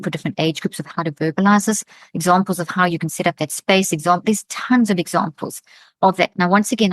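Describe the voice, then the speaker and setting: Animated woman explaining a parenting method. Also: on the low side, no room sound. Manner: animated, acts out parent's words. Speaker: guest expert.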